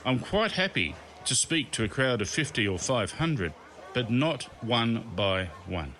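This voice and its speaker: A man's voice: mid-range voice, very animated, a little slow, a bit bright, a little hiss or hum. A man hosting and narrating his own comic memoir in a wry, self-mocking storytelling manner. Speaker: podcast host and narrator.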